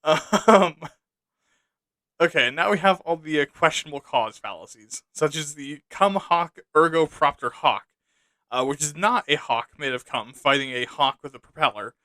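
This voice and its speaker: Male podcast host, fairly high, bright voice; swears freely, sarcastic ranty delivery. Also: moderate pace, dry recording. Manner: profane, sarcastic ranting with jokes. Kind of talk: casual podcast monologue.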